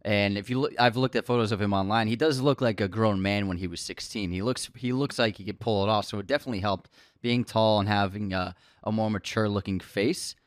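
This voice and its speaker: A man's voice: on the low side, steady tone, fairly quick, no echo. A man casually discussing a film as a podcast co-host, talking conversationally with frequent restarts.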